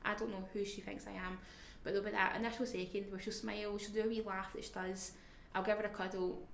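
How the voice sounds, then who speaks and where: A woman speaks in a candid interview, reflective and halting, sometimes dropping almost to a whisper. Her pitch stays level and fairly flat. The room around her is echoey, with a faint hiss beneath. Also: creaky. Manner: reflective and halting, often drifting to a near-whisper. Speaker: family carer.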